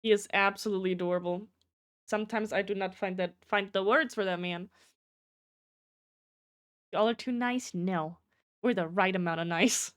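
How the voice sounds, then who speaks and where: A woman's voice: medium pitch, moderate pace, pauses often. A young woman streaming live, chatting casually with viewers, rambling, swearing freely and greeting people in chat by name.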